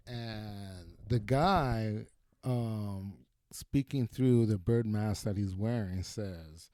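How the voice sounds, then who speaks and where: A man reviewing a film who retells a story casually and ramblingly, checking in with "right?" and filling pauses with "um". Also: fairly low pitch, warm tone, no echo, studio quality.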